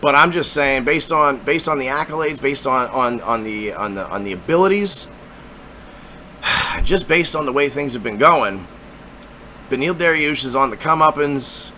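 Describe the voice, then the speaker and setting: A man hosting a casual fight-prediction talk, profane, excitable and rambling with lots of repetition. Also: mid-range voice, normal speed, slight background noise. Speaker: MMA fight predictions host.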